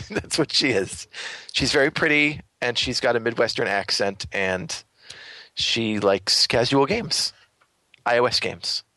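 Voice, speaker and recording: A man's voice: mid-range voice, expressive, takes it slowly, pushed and bright, no echo. A man co-hosting a podcast, chatting casually in a dry, teasing way. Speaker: podcast co-host. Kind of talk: casual chat.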